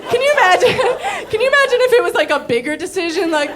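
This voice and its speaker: Performing stand-up with a faint crowd in the background, this young woman talks quickly in a very high, sing-song voice. Her story is laced with casual swearing, and she keeps giggling and dissolving into laughter.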